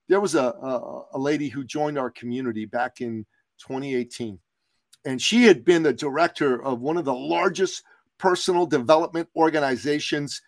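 A man's voice: a little high, dry recording. A man from Iran, a business coach and podcast guest, telling motivational stories in an emphatic, slogan-driven way. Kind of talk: motivational podcast interview storytelling.

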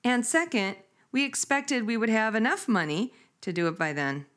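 This woman, in her fifties, hosts a casual chat at normal speed in a voice on the high side. She is animated and laughing, telling stories and acting out quotes.

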